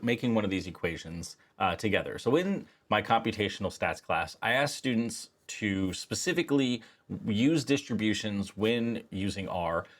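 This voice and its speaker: A man teaching statistics, walking through a software tutorial in a casual, conversational way with frequent fillers. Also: fairly low pitch. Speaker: statistics instructor. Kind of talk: screen-recorded software tutorial.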